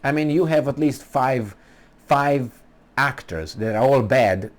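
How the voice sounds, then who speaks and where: A man's voice: mid-range voice, expressive, takes it slowly. A man giving an emphatic political monologue, full of rhetorical questions and restarts. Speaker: political commentator.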